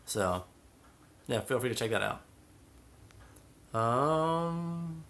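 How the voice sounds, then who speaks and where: Give me a chatty young man hosting a live stream, with a bright, lively voice. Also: medium pitch, extremely slow, long pauses. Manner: chatty, reads out viewer comments. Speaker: cat channel host. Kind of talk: casual live stream chat.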